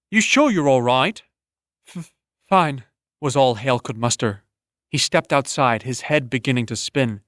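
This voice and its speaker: A man narrating an audiobook in a steady, measured storytelling manner on a close studio mic. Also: medium pitch, no room sound. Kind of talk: scripted narration.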